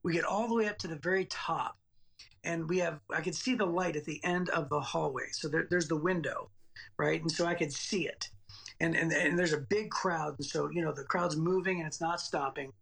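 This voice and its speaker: Speaking at a moderate pace, this guest's a-little-high voice is creaky, slightly rough and fairly bright. He is a man in his late forties recounting a childhood memory during a podcast interview, wandering off track and repeating words as he talks.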